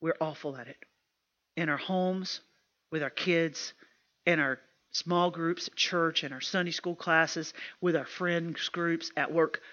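A woman's voice: deep voice, steady tone, slow, fairly bright tone, highs cut off. A woman speaking at a women's retreat, preaching emphatically and often repeating herself in a plain, homespun way. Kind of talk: sermon.

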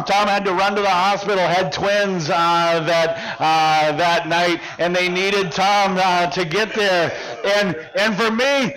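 Middle-aged male preacher, high voice, vivid storyteller who acts out the scene. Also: slow pace, few pauses, poor audio. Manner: animated storyteller, acting out dialogue, drops to hushed tones. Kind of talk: sermon with personal story.

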